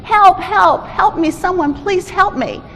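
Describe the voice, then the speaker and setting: A woman's voice: very high voice, expressive, slow pace, a bit bright, voice pushed up, exaggerated voice. A woman voicing a scared eighteen-year-old man stuck in a hole, pleading for help, recorded in an echoey hall. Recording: echoey hall with faint noise.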